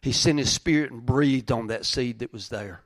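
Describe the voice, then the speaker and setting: A middle-aged male pastor preaching a sermon, dropping to quiet, hushed lines and then rising to loud, fervent preaching. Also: medium pitch, steady tone, moderate pace, no echo, clean studio sound.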